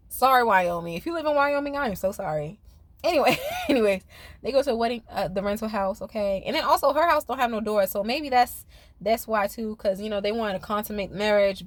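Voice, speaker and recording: A woman's voice: medium pitch, no room sound. A woman giving a casual, profane recap of a reality show, laughing often and talking straight to her viewers. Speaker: reality TV commentator.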